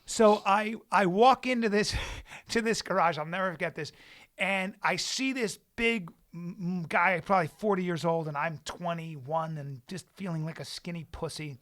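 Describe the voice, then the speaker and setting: High-voiced man telling animated stories. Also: moderate pace, no echo, studio quality. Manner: animated, self-deprecating storyteller. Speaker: podcast co-host. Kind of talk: casual chat, storytelling.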